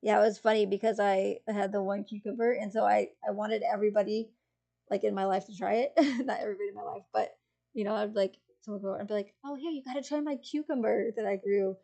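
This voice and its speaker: A woman streamer chats with her live viewers in a gravelly, mellow voice. She rambles and giggles, trailing off and restarting her sentences. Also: medium pitch, level tone, quick pace. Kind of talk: casual chat with live chat.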